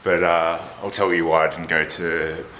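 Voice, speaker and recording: A man chatting casually as he walks, filming a travel vlog outdoors on a camera he carries, in a relaxed, thinking-aloud manner. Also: low voice, moderate pace, poor audio. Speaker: travel vlogger and marathon runner. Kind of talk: casual walking vlog narration. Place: outdoors on a windy lakeside and hillside town. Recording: outdoor recording with wind and traffic noise.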